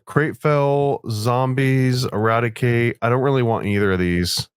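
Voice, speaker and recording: A man's voice: medium pitch, unhurried, clean tone, no room sound, studio quality. A man playing a game and chatting casually over a voice call, laid-back and joking, calling his friend dude and man. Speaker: guest player in a gaming video. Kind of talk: casual gameplay chat.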